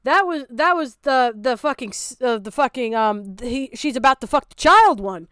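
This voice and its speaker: A young woman streaming her reaction, talking in a high, bright voice with blunt, profane exasperation. Her complaints often climb into shouting disbelief. The sound is dry and close, with no room echo. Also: expressive, moderate pace, clean tone. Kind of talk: casual reaction commentary.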